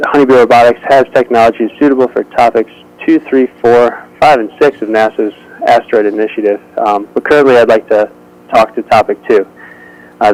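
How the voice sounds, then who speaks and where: A man giving a prepared technical presentation over a remote audio link to a workshop, measured and dotted with frequent hesitations. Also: lowish voice, a little mellow, poor audio.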